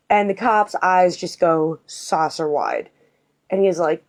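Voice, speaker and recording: A woman's voice: lowish voice, measured pace. Sarcastic woman telling a personal story. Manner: sarcastic, emphatic. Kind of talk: casual storytime narration.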